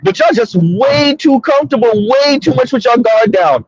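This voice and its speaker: A man's voice: extremely high pitch, expressive, moderate pace, husky, no room sound, highs cut off. A man hosting a casual commentary monologue from his car, emphatic and repetitive, talking straight to listeners. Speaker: commentary host. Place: in a car on the road.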